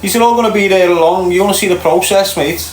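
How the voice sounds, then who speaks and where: A man's voice: high-pitched, fast talker, a little hiss or hum. A middle-aged man with a Liverpool accent hosts a casual livestream, reading viewers' comments and talking bluntly, swearing freely. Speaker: livestream host. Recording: echoey room, faint ambience.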